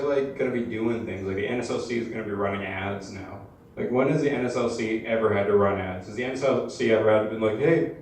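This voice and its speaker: A young man performing amateur stand-up in a comedy club, deadpan and hesitant, full of uhs and likes. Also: on the low side. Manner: hesitant, deadpan, filler-heavy. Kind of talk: stand-up routine. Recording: echoey live club, mic at distance, room noise.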